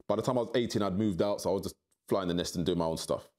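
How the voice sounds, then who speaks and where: A middle-aged man, an interview guest, tells his story candidly in rapid-fire storytelling turns from a middling pitch. He's animated, and his voice keeps jumping up high whenever he acts out what other people said.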